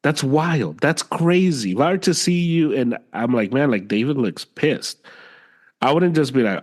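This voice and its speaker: A man's voice: medium pitch, measured pace. A man co-hosting a podcast, venting in casual conversation and repeating himself for emphasis. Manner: animated, exasperated venting with repeated phrases. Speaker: podcast co-host. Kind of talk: casual chat.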